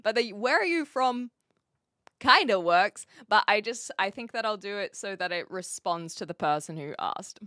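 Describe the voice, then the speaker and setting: A woman's voice: medium pitch, expressive, moderate pace, bright, forceful tone, dry recording, clean studio sound. A woman from New Zealand with a mixed New Zealand, Australian and American accent, chatting casually and giggly as a live streamer with lots of fillers. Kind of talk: casual chat.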